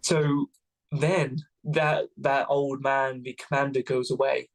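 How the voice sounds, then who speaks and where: A young man from Wales tells his travel anecdotes in a relaxed, chatty way, poking fun at himself. His voice sits at a middling pitch with a gravelly, fry-tinged edge. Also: slow, rough recording. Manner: lively, self-mocking anecdote telling. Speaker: guest adventurer. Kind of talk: casual storytelling.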